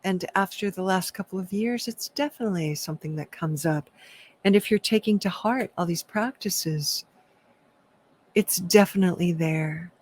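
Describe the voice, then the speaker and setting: A woman's voice: on the low side, moderate pace, a little mellow. A woman leading a prerecorded spiritual workshop talk, reflective and self-deprecating, laughing often. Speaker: workshop leader.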